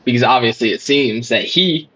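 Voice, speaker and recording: A man's voice: medium pitch, moderate pace, a bit bright, muffled recording, a little hiss or hum. A man acting as prosecutor in a mock trial among gaming friends, rambling and repeating "obviously" and "of course".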